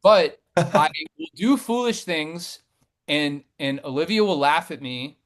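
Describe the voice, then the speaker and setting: Animated man chatting in an interview. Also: measured pace. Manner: rambling, many fillers and restarts, animated swings in pitch and loudness. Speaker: poet and interview guest. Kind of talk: casual conversational interview.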